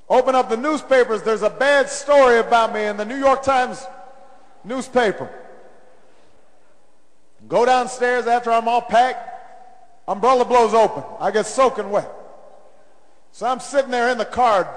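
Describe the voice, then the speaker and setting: A middle-aged man, a presidential candidate, giving a campaign rally speech. He tells a story that builds into call-and-response chanting. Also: high voice. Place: large indoor arena. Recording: long reverb of a large arena.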